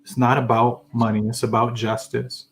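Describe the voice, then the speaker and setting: A man's voice: medium pitch, level tone, moderate pace, creaky, slight background noise. A man co-hosting a podcast, speaking earnestly and often restarting and repeating words as he gathers his thoughts. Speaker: podcast co-host. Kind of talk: casual podcast discussion.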